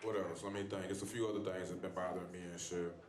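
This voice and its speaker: With a low, steady voice and rapid delivery, a man does stand-up at a bar comedy stage, telling rambling, foul-mouthed stories and bantering with the audience. The echoey room rings with a loud, laughing crowd.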